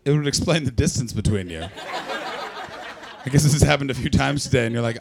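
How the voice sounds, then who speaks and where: A young man doing profane, mocking stand-up crowd work, bursting loud at times. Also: medium pitch, moderate pace, creaky. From Canada. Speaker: stand-up comedian.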